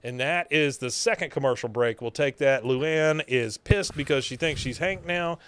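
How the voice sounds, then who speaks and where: A man's voice: medium pitch, normal speed, fairly bright tone, clear, resonant tone, no echo. A man co-hosting a podcast, casually recapping an episode and chuckling as he retells scenes. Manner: laughs through retelling scenes, many uh fillers. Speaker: podcast co-host.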